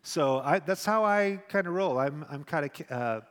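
A man's voice: fairly high pitch, animated, normal speed. A middle-aged man, a pastor, answering a question in a sermon in a candid, conversational way and acting out dialogues. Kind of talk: sermon Q&A teaching. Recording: long hall reverb.

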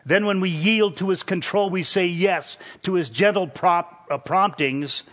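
A man preaching an expository sermon, teaching verse by verse in a measured, emphatic way. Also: high-pitched, a bit bright.

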